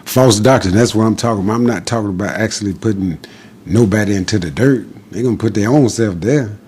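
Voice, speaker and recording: A man's voice: lowish voice, quick pace, darkish tone, husky. A man giving an impassioned, defiant monologue as a podcast guest, preaching in short repeated declarations.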